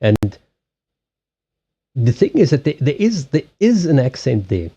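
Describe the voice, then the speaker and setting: A man's voice: mid-range voice, very animated, measured pace, warm tone, slightly rough. A man with a Southern African English accent, hosting a casual livestream chat with viewers, rambling with lots of restarts, laughing often and swearing bluntly. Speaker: livestream host doing card readings.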